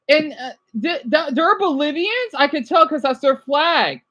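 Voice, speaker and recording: A high, very animated woman streamer who reacts on the fly, gushing and exclaiming over what she watches. She swears in passing, says sorry for it, and drifts off easily. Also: a little slow, few pauses, highs cut off. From United States. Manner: swears casually, then apologizes. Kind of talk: casual live-stream reaction.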